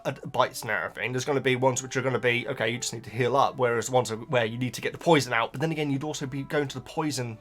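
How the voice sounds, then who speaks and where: A man chatting casually on his own channel, rambling with many restarts between topics. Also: mid-range voice. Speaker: book reaction host. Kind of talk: casual chat while reading.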